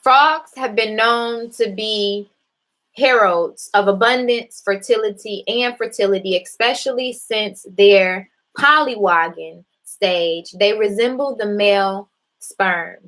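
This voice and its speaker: A woman's voice: mid-range voice, slow, fairly bright tone, poor audio. Blunt, profane woman preaching to viewers. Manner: blunt, profane, preachy, talks straight to her audience. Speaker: spiritual live-stream host. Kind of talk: casual spiritual talk to viewers.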